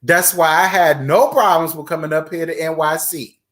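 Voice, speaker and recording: Man around forty, raised pitch, chatty livestream host, emphatic repetition. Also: steady tone, moderate pace, a bit bright. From Virginia, USA. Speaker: host of a live chat stream. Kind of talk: casual livestream chat, reading viewer comments.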